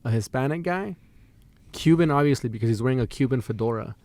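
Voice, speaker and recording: Fast-talking young man telling a story. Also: mid-range voice, expressive, darkish tone, no echo. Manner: rambling, swearing, laughing, lots of "dude" and "like". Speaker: podcast guest. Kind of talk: casual storytelling.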